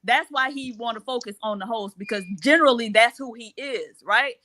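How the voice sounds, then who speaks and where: A woman calling into a heated podcast debate, laying out her argument in a measured way. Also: a little high, a crowd in the background.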